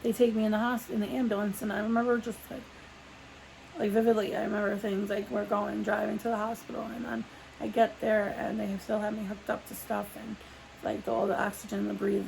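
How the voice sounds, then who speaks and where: A woman's voice: medium pitch, gravelly, darkish tone, slight background noise, low-quality recording. A young adult woman telling a personal story in a casual sit-down vlog, rambling with lots of "like" and restarts. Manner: rambling, full of "like" fillers and restarts. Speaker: vlogger.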